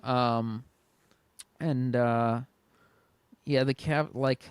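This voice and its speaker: A man's voice: medium pitch, steady tone, very slow, clear, resonant tone, no room sound. A man co-hosting a casual sports podcast, joking around and reading listener questions aloud. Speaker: podcast co-host.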